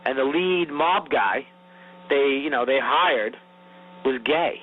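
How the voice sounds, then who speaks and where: Male podcast co-host, husky voice, rambling profane storyteller, phone-quality sound. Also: medium pitch, takes it slowly. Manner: rambling, profane, frequent restarts. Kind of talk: casual comedic storytelling. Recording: tinny phone-like audio.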